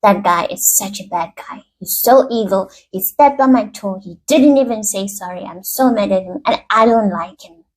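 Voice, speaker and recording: Woman voicing an upset young child, indignant, complaining, repetitive, medium pitch. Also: normal speed, few pauses, natural voice, poor audio.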